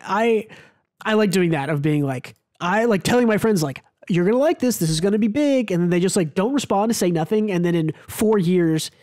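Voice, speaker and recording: Podcast co-host, American man, high voice, dry close sound, animated and casual. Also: dry recording. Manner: animated, swears casually, fast asides. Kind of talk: casual chat.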